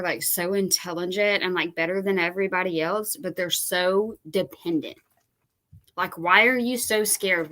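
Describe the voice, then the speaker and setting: A woman hosts a reaction commentary with a voice that is low for a woman and forceful. She sounds exasperated and incredulous as she pushes back on what she has just heard. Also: poor audio. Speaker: commentary host.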